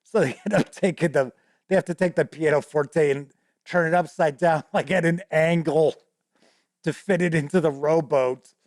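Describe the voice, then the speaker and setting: A male host telling a loose, rambling story from his tabletop game, laughing through it and swearing casually. His voice sits a little high for a man. It is recorded close and dry, with no room sound. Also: moderate pace, darkish tone, no echo.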